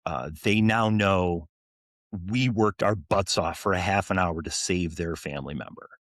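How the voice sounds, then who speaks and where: Firefighter guy in his 40s, lowish voice, keeps restarting, earnest, dry sound. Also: a little slow, fairly bright tone, no room sound. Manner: earnest, frequent restarts and fillers. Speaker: firefighter officer guest. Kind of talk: storytelling interview answers.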